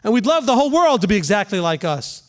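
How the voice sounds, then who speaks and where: A man with a notably high voice gives a sermon to his congregation in an easy, talking style. He stops now and then to check the room understands and throws in quick spoken examples. He sounds middle-aged and unhurried. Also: sing-song. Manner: conversational preaching, asks the room questions, voices quick examples. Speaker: rabbi teaching a congregation.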